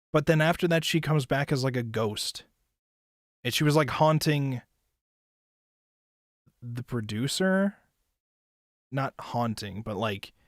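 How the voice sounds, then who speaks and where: Loose and chatty, a young man from the US rambles through anime commentary as a reviewer and streamer, swearing and using lots of filler words. His mid-range voice comes through in studio quality without echo.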